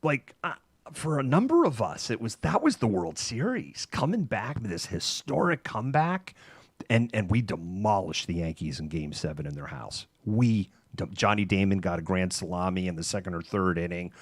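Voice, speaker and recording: A middle-aged man hosting a casual talk show, telling a long anecdote in an animated way, laughing between phrases and using many fillers. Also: deep voice, normal speed, husky, no room sound. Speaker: host. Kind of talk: casual chat, anecdotal storytelling.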